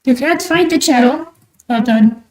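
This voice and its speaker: Speaking a little slowly, a young Australian streamer keeps up a high, theatrical bird character while drawing and chatting with her viewers; pushing the voice has left her throat sounding sore and strained. A loud, high-gain desk mic picks up the echo of her small home room.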